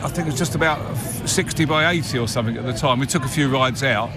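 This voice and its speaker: An older man, a theme park owner, chatting casually in an interview, hesitant and quick to laugh. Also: medium pitch. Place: outdoor amusement park. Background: music and ride noise.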